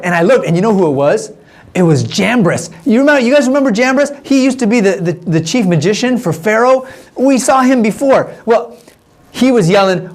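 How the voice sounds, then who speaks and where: A young man telling a Bible story to small children in the first person, animated and full of restarts as a nervous spy. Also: high voice, a little fast. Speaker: storyteller for kindergarten class.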